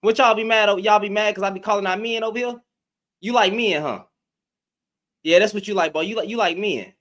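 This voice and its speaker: In casual live-stream commentary, this host addresses his chat directly, taunting and repeating frequently. His voice is high, a bit bright, and fairly quick.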